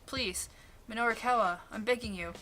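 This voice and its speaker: Game read: woman as frantic man near tears, pleading, raised pitch. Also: moderate pace, bright, forceful tone, faint music behind. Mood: desperate.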